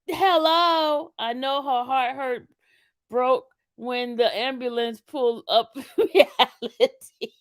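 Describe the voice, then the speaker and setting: A woman commentating casually to her viewers, animated and laughing often, calling them y'all. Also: high voice, slow pace. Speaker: commentary channel host.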